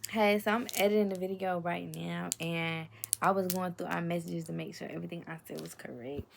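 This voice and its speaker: A young woman, telling a story in a casual vlog, animated and swearing often as she acts out the quotes. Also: on the low side, fairly quick, creaky, slight background noise. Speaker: storytime vlogger.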